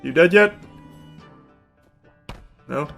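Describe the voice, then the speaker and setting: A man streaming a game, shouting, swearing and laughing in bursts between dry asides. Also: a little high, animated, extremely slow, creaky, soft background music. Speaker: gaming streamer. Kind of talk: live gameplay commentary.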